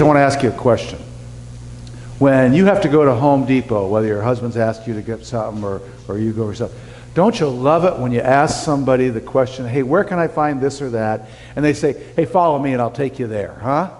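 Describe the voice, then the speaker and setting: A man's voice: fairly high pitch, darkish tone. A male pastor giving a folksy, conversational sermon, talking directly to his congregation with casual asides. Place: church sanctuary. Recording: church sanctuary with long reverb.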